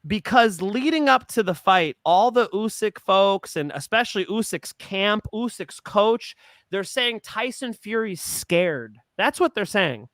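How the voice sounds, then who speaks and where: High-voiced animated sports podcast man. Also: a little slow, no echo. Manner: animated, swearing, rising emotion. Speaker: co-host of a betting picks show. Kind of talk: casual podcast chat.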